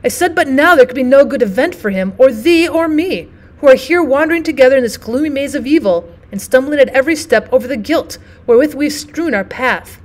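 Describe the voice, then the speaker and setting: A shamed but resolute woman who begs earnestly in old-fashioned phrases, voiced by a female reader. Her voice sits a little high and stays grave and steady. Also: fairly quick, few pauses. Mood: pleading.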